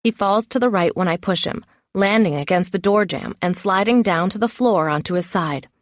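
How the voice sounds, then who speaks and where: A woman narrating a first-person novel with a wry, self-mocking inner voice. Her voice sits on the lower side and the recording is close and dry. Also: moderate pace, no echo. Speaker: audiobook narrator.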